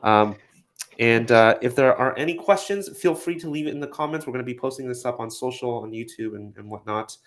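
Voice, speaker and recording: A man hosting a casual software product update, relaxed and full of fillers, with upbeat sign-offs. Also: medium pitch, brisk.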